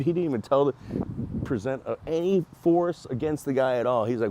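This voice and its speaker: A man's voice: mid-range voice, fairly quick, background noise. A man reviewing cigars and beer, telling a rambling story in casual talk and acting out quotes with laughs.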